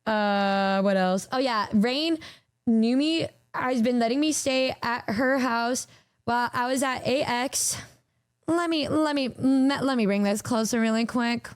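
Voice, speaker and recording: A young woman streaming as a VTuber, telling stories to her chat in a casual, animated way with frequent swearing and stammered restarts. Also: a little high, measured pace, smooth, no echo, studio quality.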